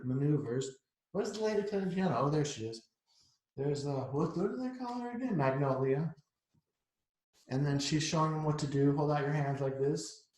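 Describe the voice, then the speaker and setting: A middle-aged man reads a children's picture book aloud, stopping often to chat about the pictures. His voice sits a little high for a man. The recording rings with heavy room echo. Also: a little mellow. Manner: chatty, explains the pictures to kids. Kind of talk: read-aloud storytime. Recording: echoey room.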